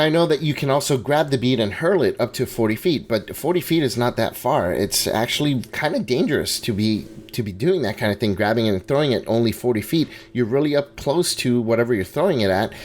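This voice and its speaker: A man casually talking through a tabletop game guide, conversational with frequent restarts and asides. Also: mid-range voice. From Hispanic background. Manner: conversational, restarts and hedging asides, laughs at himself.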